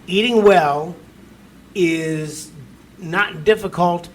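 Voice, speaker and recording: A man's voice: sits high, moderate pace, a bit bright, slight background noise. A man hosting a talk radio show, chatting casually in a folksy storytelling way and acting out the voices of people he quotes.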